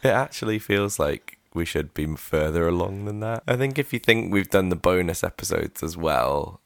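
A man's voice: low-pitched, lively intonation, normal speed, creaky, dry recording, studio quality. A man co-hosting a podcast in casual chat, laughing often and restarting his sentences. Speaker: podcast co-host.

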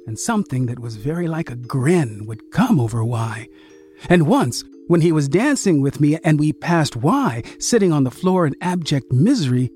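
A man narrating a story in a measured, expressive reading. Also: fairly high pitch, faint music behind.

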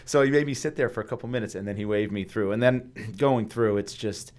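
A man's voice: fairly low pitch, fairly quick, a little mellow. A man hosting a casual chat, animatedly telling a story and acting out the quotes. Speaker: host.

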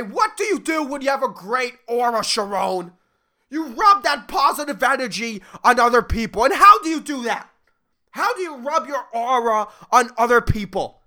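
Man doing a panicky, shouting CEO, high, bright and lively, indignant. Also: heavily acted. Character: frantic trembling male CEO pleading his case.

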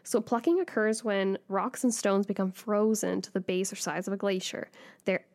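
A woman's voice: medium pitch, moderate pace. Woman explaining things in casual chat. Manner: explanatory, lively, a little science teacher. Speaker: podcast co-host.

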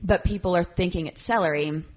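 Lower-pitched young woman, animated chat. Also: brisk. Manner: animated, laughs often, emphatic. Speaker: podcast co-host who works with clients on food. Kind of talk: casual chat. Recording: slightly dull podcast audio.

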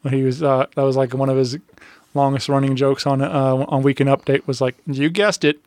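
A man's voice: mid-range voice, completely flat delivery, a little mellow, slight background noise. A man hosting a podcast in casual chat, rambling a bit and agreeing often. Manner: rambling, many fillers and restarts, quick to agree.

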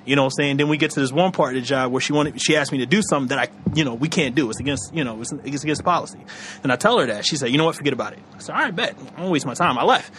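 Young male podcast host, quick and loose, filler-heavy storyteller. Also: mid-range voice, a bit bright, slight background noise. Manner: rambling, heavy fillers, laughs often. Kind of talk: casual chat.

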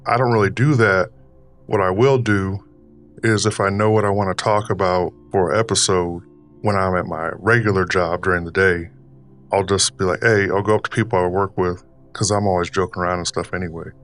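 A man's voice: low-pitched, fairly even intonation, a little fast, a bit bright, soft background music. A man putting on a drawling Southern accent as a folksy old grandpa character, rambling casually with lots of fillers. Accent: put-on Southern US. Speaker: podcast host.

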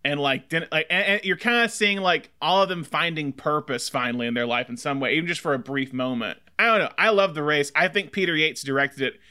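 A man's voice: fairly high pitch, fairly quick, few pauses, bright, forceful tone. A man co-hosting a casual film podcast, talking enthusiastically in long rambling stretches full of fillers. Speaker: podcast co-host.

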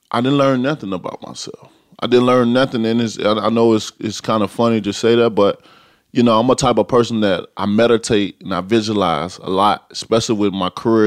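A man's voice: lowish voice, dry recording, clean studio sound. A man from Alabama, a boxing champion speaking emphatically in a podcast interview and repeating his key points. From Tuscaloosa, Alabama, US.

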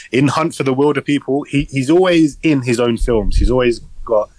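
A man's voice: mid-range voice, moderate pace, a little mellow, dry recording, poor audio. A young man co-hosting a casual podcast, rambling with lots of fillers and casual swearing, recorded on a phone. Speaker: podcast co-host. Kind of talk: casual chat.

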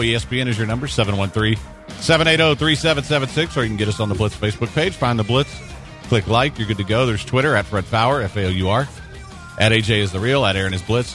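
A man's voice: mid-range voice, fairly bright tone. A man co-hosting a sports radio show in casual chat, with dry teasing wisecracks. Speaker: co-host.

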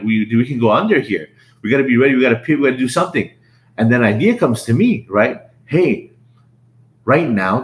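A middle-aged man, a business owner, telling his story as a podcast guest in a lively, casual way, often repeating words and acting out what people said. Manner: animated, repeats words, acts out quotes in a higher voice. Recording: roomy echo.

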